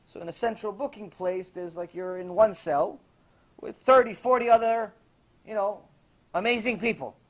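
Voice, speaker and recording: A man, a rabbi, preaching a sermon, telling a story in an animated way with acted quotes and dry sarcastic asides. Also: high-pitched, normal speed.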